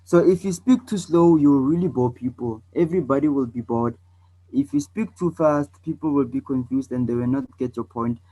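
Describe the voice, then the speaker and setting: A man's voice: mid-range voice, rough recording. A man from South Africa teaching a debate lesson, repeating points and checking in often with "okay?" and "all right". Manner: demonstrates loud and soft, fast and slow speech.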